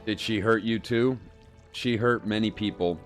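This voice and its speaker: A man's voice: fairly low pitch, steady tone, unhurried, faint music behind, lightly acted. A man reading the lines of a vain, whiny female demon queen made of filth, in a petulant way. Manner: petulant, reading game dialogue aloud.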